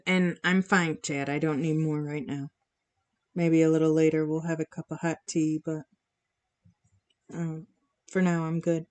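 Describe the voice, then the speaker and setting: With a low, darkish voice, flat delivery and an unhurried pace full of long pauses, she hosts a charity live stream. She paints while chatting casually, giggling as she reacts to what viewers write in the chat.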